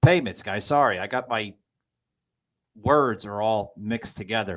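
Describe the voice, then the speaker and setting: Halting, distraught male podcast host. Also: fairly low pitch, poor audio. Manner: halting, many fillers and restarts, distraught. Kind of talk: political commentary.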